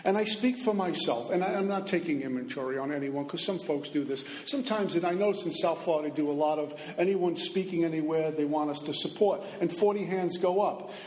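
High-voiced man speaking in an echoey hall. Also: a little fast, few pauses. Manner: earnest, acts out the inner voice in asides. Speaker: recovery meeting speaker. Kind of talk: spoken recovery talk. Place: meeting room.

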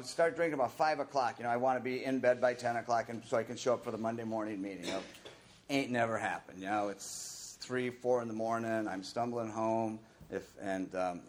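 A middle-aged man telling his own recovery story in a candid, rambling way, sometimes acting out the voices of the people he quotes. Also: medium pitch. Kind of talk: personal recovery talk.

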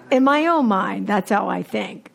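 A woman's voice: medium pitch, takes it slowly, creaky. A woman telling her recovery story candidly, acting out what people said. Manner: candid, animated storytelling with acted-out quotes. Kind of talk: recovery meeting talk.

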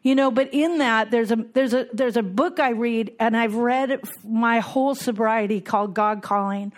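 A middle-aged woman speaks to a recovery group in a heartfelt, personal way. Her voice sits a little on the high side, and she often repeats her key phrases to drive them home. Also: normal speed.

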